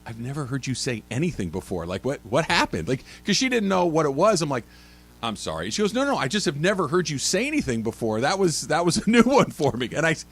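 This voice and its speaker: A middle-aged man hosting a sports talk radio show, telling animated stories and acting out loud shouts. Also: a little high, fast talker, few pauses, husky. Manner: animated storytelling, mimics shouts. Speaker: radio host.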